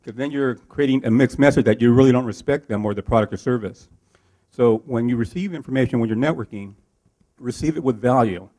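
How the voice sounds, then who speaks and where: A man's voice: medium pitch, fairly quick. A man teaching a live networking workshop and asking his audience questions as he coaches them. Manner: lively, coaching, asks the room questions. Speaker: workshop trainer.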